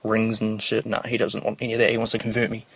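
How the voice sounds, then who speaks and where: A man's voice: fairly low pitch, monotone, quick pace, gravelly, fairly bright tone, no room sound. A young man telling rambling, slangy stories as a podcast host, swearing often. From New Zealand. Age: young adult. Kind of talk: casual storytelling monologue.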